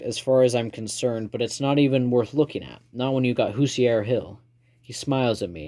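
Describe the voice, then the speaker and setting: A man reading a first-person novel aloud in a calm, measured storytelling manner. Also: mid-range voice. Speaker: reader.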